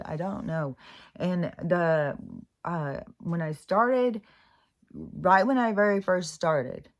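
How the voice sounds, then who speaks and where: A woman talking through her thoughts in a casual spoken reflection, halting and rambling, with frequent restarts and swearing. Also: low-pitched. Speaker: vlogger.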